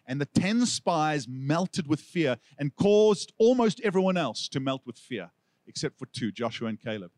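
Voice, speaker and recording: A man with a South African accent preaching a sermon, telling stories with lively delivery and acting out the people he quotes. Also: on the high side, moderate pace, no room sound. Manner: animated storytelling, acts out quoted figures. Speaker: pastor.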